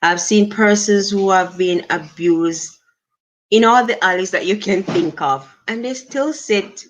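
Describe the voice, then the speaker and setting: A middle-aged Jamaican woman hosting a casual livestream, speaking in an unhurried, reflective way and thanking her viewers. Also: medium pitch. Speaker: livestream host. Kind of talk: casual livestream talk to chat.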